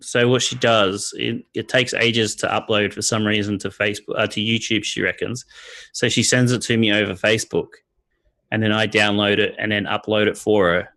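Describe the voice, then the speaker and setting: A man with an Australian accent in a casual online chat, swearing often and pausing with fillers. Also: on the low side, flat delivery, bright, forceful tone, low-quality recording. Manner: swears a lot, halting with fillers. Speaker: guest.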